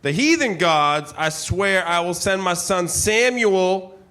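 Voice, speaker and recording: An actor playing a pompous, eccentric gentleman who bombastically declaims a furious period letter at a live theater reading, tossing in asides. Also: high-pitched, expressive, takes it slowly, full character voice. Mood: blustering. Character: blustering pompous eccentric gentleman, man, middle-aged. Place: live performance hall with audience.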